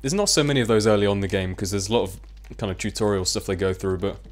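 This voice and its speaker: A young man comments on a video game as he plays, chatty and self-mocking. His voice sits fairly low, and soft game music plays underneath. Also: fairly even intonation, rapid-fire. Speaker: let's play commentator. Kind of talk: casual gameplay commentary.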